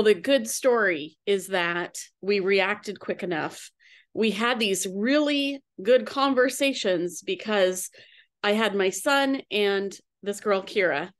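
A middle-aged woman coach tells a personal story, earnest and unhurried, dropping fillers as she goes. Her voice sits at an ordinary middle pitch.

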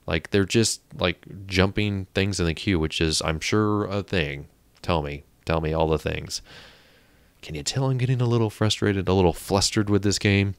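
Male let's-player at a desk mic; deep, creaky, talks to himself and sighs at game characters. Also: moderate pace, no echo. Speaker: gameplay commentator. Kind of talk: casual let's-play commentary. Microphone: desk mic on a stand.

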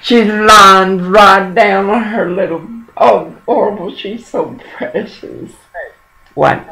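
A middle-aged man with a gravelly, fry-laden voice pitched a bit high for a man. He rambles through a one-sided phone call in a coaxing, profane way. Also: slow pace, pushed and bright, slight background noise. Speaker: caller.

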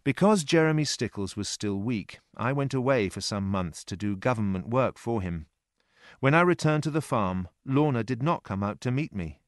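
A male narrator reads a storybook aloud in a steady, clear voice at a middle pitch. The sound is dry and close, with no room around it. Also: normal speed, dry recording. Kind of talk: audiobook reading for English learners.

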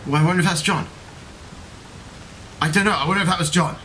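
A man's voice: on the high side, fast talker, a bit bright, a little hiss or hum. A man hosting a let's play, casually commenting on the game and joking while reading choices aloud. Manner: chatty, jokey, reads in-game choices aloud.

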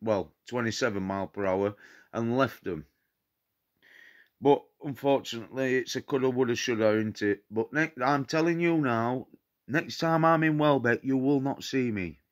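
A paranormal vlogger from England with a Nottinghamshire accent rants angrily to camera at normal speed in a medium-pitched voice. He sounds indignant, defiant and repetitive.

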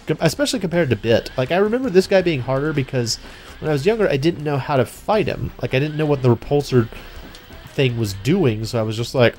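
A young man talks through a game as he plays it, chatty and easily excited, with plenty of restarts and fillers. His pitch sits in the middle of the range. Soft music plays faintly behind his voice. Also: a little fast. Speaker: let's play host. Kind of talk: casual gameplay commentary.

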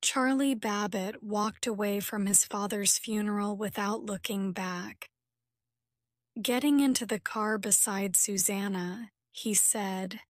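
Slow, dry-voiced woman reading a story. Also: mid-range voice, dry recording. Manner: slow, carefully clear reading for learners. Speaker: narrator. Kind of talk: graded reader story narration.

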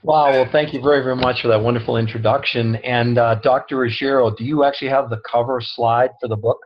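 A man's voice: medium pitch, steady tone, fast, a little hiss or hum. A man speaking as a guest co-author over an online call, earnest and humble, with many restarts. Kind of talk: casual talk on a call. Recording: dull lo-fi online audio.

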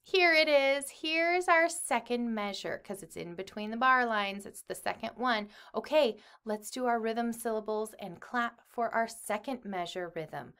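A woman's voice: on the high side, a little slow, hardly any pauses, fairly bright tone, smooth. A woman music teacher leading young children through a clapping lesson online, speaking the rhythm syllables and singing along with them. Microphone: computer mic at a desk.

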